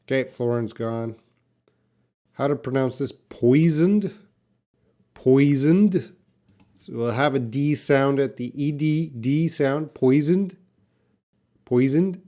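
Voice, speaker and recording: A man teaching English pronunciation in a live online class, drawing out words slowly and answering questions from the chat. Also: medium pitch, steady tone, darkish tone. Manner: slow, drawn-out word repetition for learners.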